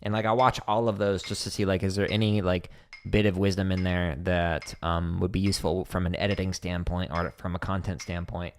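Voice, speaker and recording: Man, casual livestream chat, frequent laughs, gravelly fry, slightly low voice. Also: little pitch movement, fairly quick, slight background noise. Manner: chatty, laughs often, mocking quoted voices. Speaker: drumming livestream host. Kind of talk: casual chat while practicing. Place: home practice room with drums.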